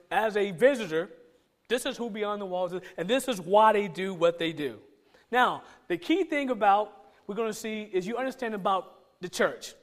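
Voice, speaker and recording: A man, a pastor, giving a conversational sermon, asking many rhetorical questions and joking with the congregation. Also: sits high.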